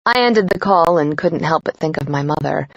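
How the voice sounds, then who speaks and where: A woman narrating a first-person romance audiobook in a soft, intimate, steady way. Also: low voice, normal speed, creaky, no room sound, highs cut off.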